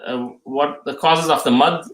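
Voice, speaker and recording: A man teaching a live tajweed lesson, reading out questions and explaining the answers haltingly, often restating each term twice. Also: on the high side, steady tone, a bit bright. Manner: halting, many fillers, restates terms twice. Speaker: Quran recitation teacher. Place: mosque or Islamic centre room. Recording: roomy echo.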